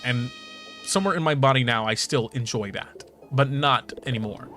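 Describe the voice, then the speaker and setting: A man's voice: medium pitch, normal speed, fairly bright tone, soft background music. A man in his late twenties chatting casually while streaming a game, joking, swearing and laughing often. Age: 20s. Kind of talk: casual gaming stream chat.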